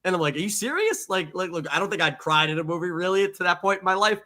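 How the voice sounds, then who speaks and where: A man co-hosting a comedy podcast, telling animated stories full of swearing and acted-out quotes. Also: sits high, quick pace. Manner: animated storyteller, swears a lot, acts out quotes. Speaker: podcast co-host. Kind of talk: casual comedic chat.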